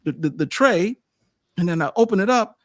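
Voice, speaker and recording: Animated man telling a story. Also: high-pitched, normal speed, no room sound. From United States. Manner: animated, acts out quotes, frequent stammered restarts. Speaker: sports media host. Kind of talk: casual storytelling monologue.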